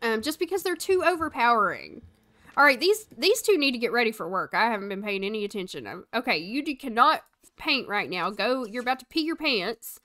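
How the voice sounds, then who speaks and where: A young woman streams a life-sim game, casually chatting, directing her characters, and replying to her chat as she plays live. Her fairly high voice is expressive, brisk, pushed, and bright.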